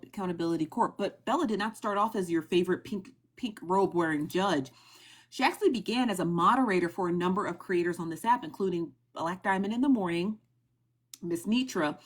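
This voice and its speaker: A young woman on a phone livestream, casually recapping online gossip in a chatty, animated way and asking her viewers questions. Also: fairly low pitch. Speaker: TikTok live streamer sharing gossip news.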